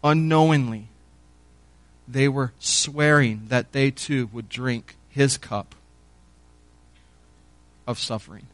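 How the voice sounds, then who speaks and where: A man's voice: medium pitch, fairly bright tone, no echo. A man preaching a sermon in an earnest teaching tone, rising in force when stirred.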